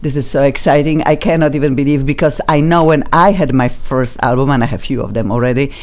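A woman hosting a talk radio show in a studio, speaking playful non-native English with a lively, animated manner. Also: a bass voice, fast talker, dull audio. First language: not English. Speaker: radio host.

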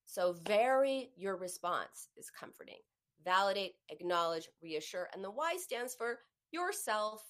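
A woman's voice: mid-range voice, sing-song, measured pace. A middle-aged woman coaching on emotions in a live teaching talk, acting out sighs and inner voices as she explains.

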